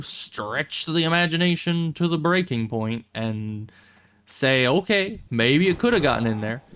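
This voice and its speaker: A man's voice: mid-range voice, slight background noise. A man streaming a game, chatting casually with rambling, wry asides and frequent self-corrections. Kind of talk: casual gameplay commentary.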